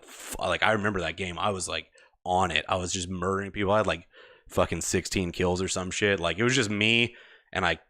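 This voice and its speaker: A man's voice: low-pitched, a bit bright, no room sound, clean studio sound. A young man rambling about video games in casual podcast chat, swearing often. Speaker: podcast co-host.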